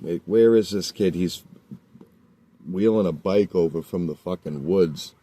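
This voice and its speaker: A man with a lowish, dark and mellow voice recounts a confrontation in loose, casual talk. He swears in nearly every sentence and rambles, circling back with fillers and restarts. The telling runs heated and profane throughout. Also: unhurried. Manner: heated, heavily profane storytelling. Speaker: storyteller. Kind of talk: casual spoken anecdote.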